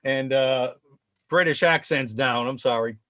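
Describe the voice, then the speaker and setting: A man's voice: mid-range voice, a little slow, fairly bright tone, dry recording. A man hosting a political talk show over a video call, opinionated and sarcastic, rambling between points. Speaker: show host.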